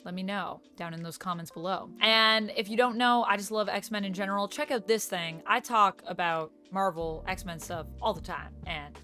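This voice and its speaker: A woman's voice: mid-range voice, normal speed, few pauses, sharp tone, faint music behind. A woman YouTuber chatting casually in a reaction vlog, gushing as a self-described fan.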